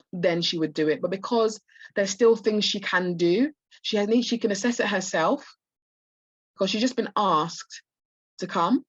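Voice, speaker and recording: A woman tutor, hoarse and losing her voice, walks students through practice test answers with many restarts and fillers. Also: mid-range voice, dry recording, highs cut off. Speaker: medical school admissions tutor. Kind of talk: live online practice test walkthrough.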